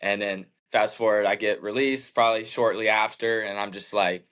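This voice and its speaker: Here the same pitcher, a guest in his thirties, speaks at a normal pace with a lowish, slightly bright voice and mostly even intonation. He reflects on his story with real earnestness, leaning heavily on fillers such as "like" and "man," and the recording is poor.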